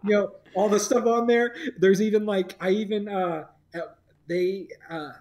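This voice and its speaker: A man's voice: sits high, steady tone, moderate pace, crowd noise. A young man in his twenties chatting casually on a livestream, rambling through a story with lots of fillers and laughter breaking in. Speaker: podcast host.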